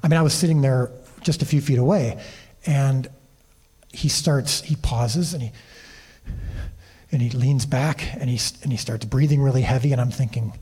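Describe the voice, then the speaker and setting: A TV series creator and director, interviewed on a convention stage, tells animated behind-the-scenes stories full of restarts. His medium-pitched, slightly rough voice moves at a normal speed with frequent pauses.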